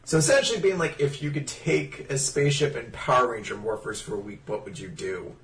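A man's voice: mid-range voice, a little fast, a bit bright. A man co-hosting a podcast in casual, jokey banter, rambling and laughing often. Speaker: podcast co-host. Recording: distant mic with faint noise.

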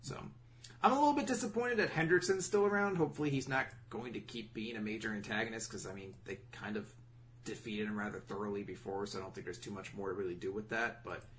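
A man's voice: on the low side, fast, a bit bright. A man casually summarizing a comic chapter as a podcast host, rambling with lots of fillers. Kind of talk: casual review chat.

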